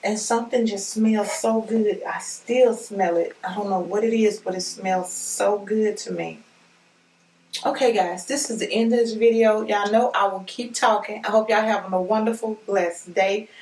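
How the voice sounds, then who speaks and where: Excitable woman, roomy and distant. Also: mid-range voice, normal speed. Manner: excitable, gushing, talks straight to viewers. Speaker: unboxing vlogger. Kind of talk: casual unboxing chat. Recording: roomy echo, mic at a distance.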